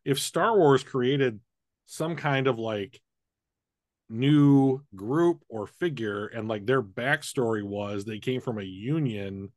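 A man's voice: medium pitch, slow, dry recording, studio quality. A man co-hosting a casual chat podcast, rambling through ideas with a lot of swearing and joking. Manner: rambling, swears, jokes about fan topics. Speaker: podcast co-host.

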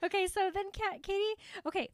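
A high-voiced woman retells a movie in a casual chat, bubbly and quick to giggle. She acts out each character's lines as she goes. The sound is close and dry. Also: dry recording.

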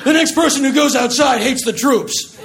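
A man performing a stand-up comedy set with a sardonic, deadpan delivery. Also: very high-pitched, moderate pace, vocal fry, over a noisy crowd. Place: comedy club stage before a laughing audience. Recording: live recording with audience noise.

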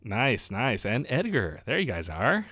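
A man's voice: mid-range voice, wildly swooping pitch, measured pace, fairly bright tone, dry recording. Male podcast host, chatty and upbeat, dry close mic. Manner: upbeat, filler-heavy host patter. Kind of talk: casual chat over beers.

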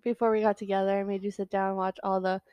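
A woman's voice: medium pitch, level tone, fast, clear, resonant tone, no echo, highs cut off. A woman co-hosting a podcast in casual banter, giddy and teasing, swearing freely. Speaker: podcast co-host.

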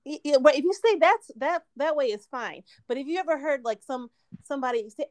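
High-voiced woman in playful chat. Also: lively intonation, fairly quick, dry recording. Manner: laughs often, playful teasing. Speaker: podcast co-host. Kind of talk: casual chat.

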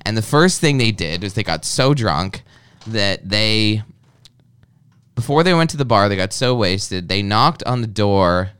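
Young guy, smooth clear voice, swings his pitch a lot, animated crude storytelling. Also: a little slow. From Canada. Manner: animated, profane, jokey. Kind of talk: casual crude storytelling chat.

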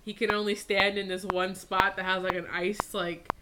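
A woman's voice: medium pitch, level tone, normal speed, very noisy. A woman co-hosting a casual podcast, retelling movie scenes with lots of laughter. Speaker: podcast co-host.

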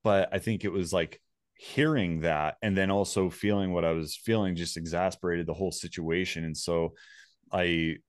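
A man's voice: deep voice, steady tone, moderate pace, no room sound, clean studio sound. A man casually telling a personal story, rambling and swearing freely.

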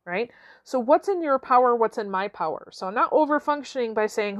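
A woman's voice: on the high side, fairly quick, fairly bright tone, no room sound, highs cut off. A middle-aged woman giving a conversational motivational talk as a coach, often checking in with "okay?" and "right?" and laughing now and then.

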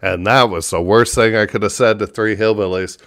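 Man, stand-up comedian, casual chat, profane, animated storytelling. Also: a little fast, clean tone. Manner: profane, animated storytelling, slipping into high voices for other people.

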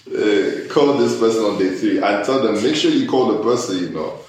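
A man hosting a casual chat, animated and joking as he tells stories with disbelief. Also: on the low side, measured pace. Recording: echoey room, mic far off.

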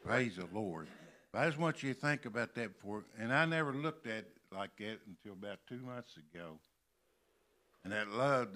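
An older man from Kentucky preaching a sermon in a church, slowly stressing and repeating key words. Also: lowish voice, a bit bright. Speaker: pastor. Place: church sanctuary.

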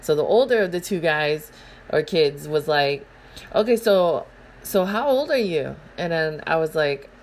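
A woman's voice: sits low, a little slow. A woman in her late thirties hosting her own podcast, telling a story in a casual rant with lots of swearing and acted-out voices. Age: 30s. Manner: animated storytelling, acting out voices, swearing freely. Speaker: podcast host.

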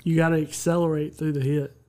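A man's voice: fairly high pitch, level tone, fairly quick, warm tone. A man, co-hosting a podcast in casual chat, laughing and roasting his friends. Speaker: podcast co-host.

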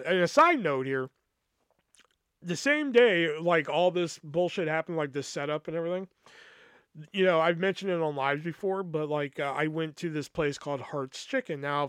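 A man's voice: on the high side, fairly bright tone, clear, resonant tone, no echo, studio quality. A man hosting a podcast, telling a personal story in a rambling, casual way, swearing often and using many fillers. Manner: rambling, profane, lots of fillers. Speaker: podcast host.

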